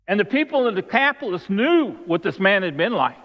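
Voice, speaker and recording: Preacher in a reverberant church hall. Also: male voice, high voice, big pitch swings, fairly quick, hardly any pauses. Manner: storytelling, acting out the voices of the people in the story. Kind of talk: sermon. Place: church sanctuary. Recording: long hall reverb, dull lo-fi sound.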